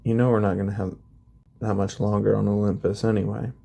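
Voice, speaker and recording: A man voicing a calm, caring goddess who asks gentle questions in a spoken fan story. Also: on the low side, a little fast, gravelly.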